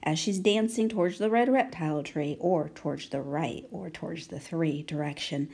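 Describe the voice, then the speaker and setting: A woman teaching young children to write letters, speaking gently and encouragingly and often asking if they can see. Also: low-pitched, vocal fry, husky. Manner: gentle, slow and encouraging, asking many check questions. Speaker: handwriting teacher. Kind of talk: children's handwriting lesson.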